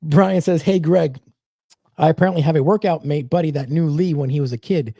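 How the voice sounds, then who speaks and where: Mellow host reading viewer comments. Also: male voice, a little high, fairly quick, dry recording, clean studio sound. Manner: laid-back, reads comments aloud. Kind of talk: casual live chat.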